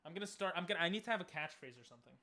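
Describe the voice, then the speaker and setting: A man's voice: sits high, lively intonation, rapid-fire, pushed and bright. A man streaming, chatting casually and easygoingly with his viewers, laughing often.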